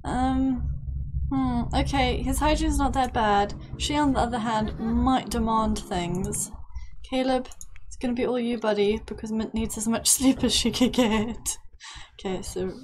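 A young woman talks through her gameplay in a chatty, excitable way, breaking into delighted squeals. Her voice sits a little high, and a faint hum of room noise runs under the recording. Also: measured pace. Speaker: gaming YouTuber. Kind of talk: gameplay commentary.

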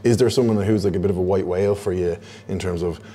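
An Irish man hosting a casual pub chat, easygoing and quick to laugh and agree. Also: deep voice, dark tone. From Ireland. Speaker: host.

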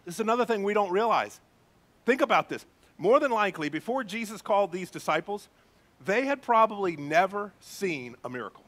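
A male pastor preaches with animated emphasis and often addresses the congregation directly. His voice sits high for a man. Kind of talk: sermon.

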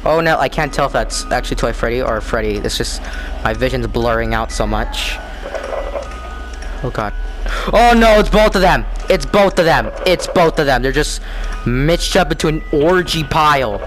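A young man talking through a horror game in panic, repeating himself and swinging between yelps and low mutters. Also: moderate pace. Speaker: gamer playing a horror game. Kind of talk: scared gameplay commentary. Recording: game music playing behind.

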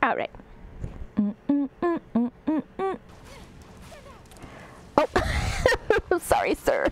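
Brief: woman game streamer, high and wildly swooping voice, sarcastic, giggly, faint hiss behind her. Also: big pitch swings, unhurried, a little mellow, poor audio. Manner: sarcastic, giggly, talks back to game characters. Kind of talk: live gameplay commentary.

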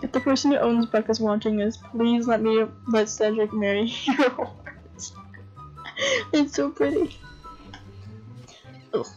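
Tired, excitable young woman gaming. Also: a little high, normal speed. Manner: chatty, excitable, swears, bursts into gasps and laughs. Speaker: gamer commentator. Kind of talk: casual game commentary. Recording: dull lo-fi home recording with faint game music.

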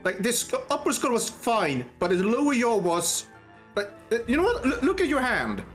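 A man's voice: extremely high pitch, moderate pace, faint music behind. A man co-hosting a game stream, chatting casually and drifting into digressive stories. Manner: storytelling, animated, digressive. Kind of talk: casual chat.

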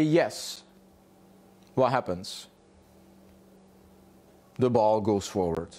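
This dog trainer has a slightly mellow voice that sits on the low side. He's in a home garage teaching about puppy play, raising rhetorical questions and then supplying the answers.

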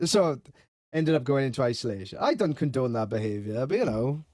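A man's voice: mid-range voice, lively intonation, a little fast, darkish tone, no room sound, studio quality. A man, telling crude school stories in a casual podcast chat, laughing and swearing as he goes. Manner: swearing, laughing, self-mocking anecdotes. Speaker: podcast co-host.

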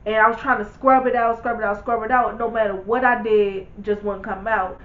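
Young woman vlogger, candid storyteller, higher voice; roomy, dull home recording. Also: fairly even intonation, brisk. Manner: candid, blunt, swears freely, addresses viewers. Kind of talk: casual storytime.

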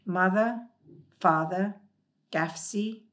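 A woman's voice: medium pitch, extremely slow, fairly bright tone. A sullen, fretful male creature from a storybook, mumbling and grumbling under his breath, as a woman reader puts him on. His talk is exasperated and muttered, heavy with worry.

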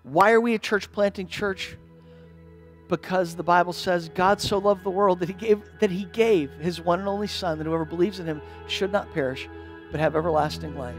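A man's voice: high voice, normal speed, faint music behind. A man preaching a sermon in church as pastor, earnest and building to impassioned appeals.

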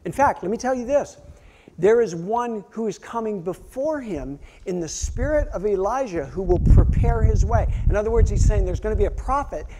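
A male pastor preaching a sermon, telling stories animatedly and acting out quotes, swinging from loud outbursts to hushed near-whispers. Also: sits high, lively intonation, moderate pace, slight background noise.

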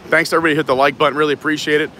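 A man's voice: on the high side, level tone, very fast, bright, forceful tone, slight background noise, rough recording. Chatty man live-streaming outdoors. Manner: chatty, laughs often, thanks viewers. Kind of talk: casual live-stream chat, reading comments. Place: outdoors in a theme park, walking.

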